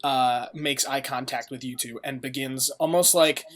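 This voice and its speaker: A man's voice: medium pitch, steady tone, normal speed, fairly bright tone. A man narrating a tabletop game as game master, rambling with many fillers.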